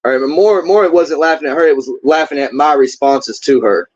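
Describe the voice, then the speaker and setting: A man's voice: fairly high pitch, moderate pace. Candid rambling man, muffled sound. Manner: candid, rambling, repeats words. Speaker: interview guest. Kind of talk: casual storytelling. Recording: dull lo-fi sound.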